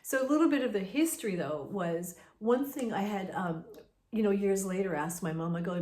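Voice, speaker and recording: A woman's voice: medium pitch, expressive, fairly quick, darkish tone. A woman casually telling a personal ghost story in a chatty, conversational way. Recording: roomy echo.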